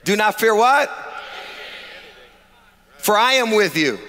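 A man preaching a sermon as pastor, using call-and-response and swinging from shouted lines to quiet asides. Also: sits high, lively intonation, moderate pace, long pauses, long reverb tail, a little hiss or hum.

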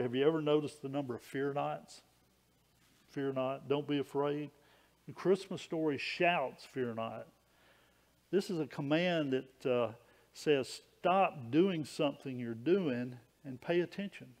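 A man's voice: on the high side, a little slow, darkish tone. A man preaching a sermon in a folksy, conversational way, with small stories and frequent restarts.

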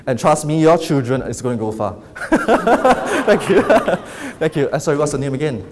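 A man giving a live lecture, guiding volunteers through hypnosis with slow, soothing suggestions between upbeat stage remarks. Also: fairly high pitch. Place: large lecture hall with audience. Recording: echoey hall, faint noise.

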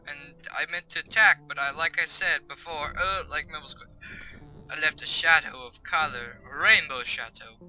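A young man rambles through a video game in casual let's-play commentary, reading the on-screen tips aloud as he goes. His voice is bright and tense and sits fairly high. Game music plays faintly behind him. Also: moderate pace, rough recording. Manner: chatty, excitable, reads on-screen tips aloud. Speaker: gaming YouTuber. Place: home bedroom.

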